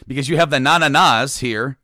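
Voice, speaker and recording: A man's voice: mid-range voice, fairly quick, sharp tone, no echo. Podcast host, male, chatty and meandering, dry recording. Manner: rambling, many restarts and fillers. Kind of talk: casual chat.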